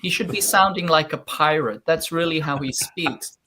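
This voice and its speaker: A man giving sardonic, measured political commentary as a panel guest, with frequent fillers. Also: fairly high pitch, bright, forceful tone.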